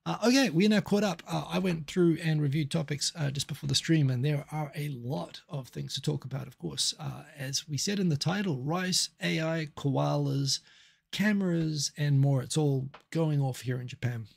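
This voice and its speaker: A middle-aged man from New Zealand runs a casual live stream, chatting loosely and answering viewer comments as they arrive. His voice sits slightly high for a man and has a heavy gravelly fry. The tone is husky throughout. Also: normal speed.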